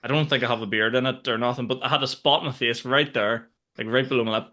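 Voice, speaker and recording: A young man, co-hosting a comedy podcast and telling stories in a loose, animated way. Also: medium pitch, fast talker. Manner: animated storytelling, swears freely. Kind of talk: casual comedic chat.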